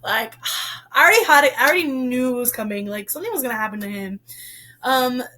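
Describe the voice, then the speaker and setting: High-voiced young woman rambling about a book. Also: fast talker. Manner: rambling, heavy use of "like" and "um"; expressive, gets worked up. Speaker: book reviewer. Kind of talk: casual book review chat.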